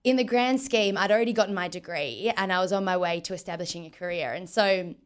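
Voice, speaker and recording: A young Australian woman telling her story as an interview guest, animated and quick to act out what others said. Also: smooth. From Western Australia. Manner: animated, acts out quotes with big pitch jumps. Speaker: guest, football captain.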